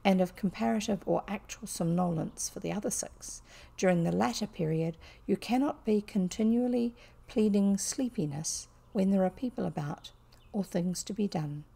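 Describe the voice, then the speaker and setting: A woman reading a classic children's story aloud in gentle, even narration. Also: mid-range voice, normal speed, creaky, husky. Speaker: audiobook reader.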